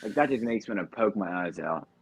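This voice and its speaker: Low-voiced man chatting on a podcast. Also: animated, fast, breathy edge, no room sound, poor audio. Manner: conversational, frequent ums, trails off. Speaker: podcast co-host. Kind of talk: casual sports chat.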